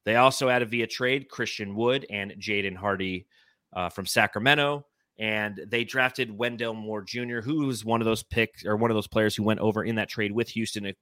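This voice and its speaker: A man in his thirties co-hosting a casual sports talk show, animated and swearing now and then. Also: fairly low pitch, normal speed, dry recording, clean studio sound. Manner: animated, swears, reads chat comments. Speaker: podcast co-host.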